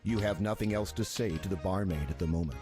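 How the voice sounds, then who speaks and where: An actor voicing the narrator of an adventure game, reading in a measured, descriptive way. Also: male voice, sits low, over music, natural voice. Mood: calm. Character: adult male game narrator, calm. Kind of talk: scripted narration.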